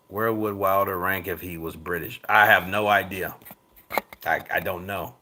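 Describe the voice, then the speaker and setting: A man hosting a casual boxing show, reading viewer comments aloud and swearing freely as he jumps between loud outbursts and low mutters. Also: steady tone, moderate pace. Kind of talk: casual live-chat commentary.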